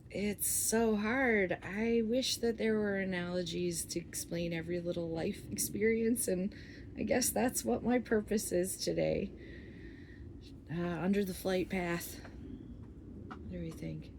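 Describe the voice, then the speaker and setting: A woman in her forties talking to her viewers in a candid, rambling monologue, cursing freely and swinging between loud outbursts and soft asides. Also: on the low side, slow, gravelly, slight background noise. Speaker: vlogger. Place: outdoors under a flight path.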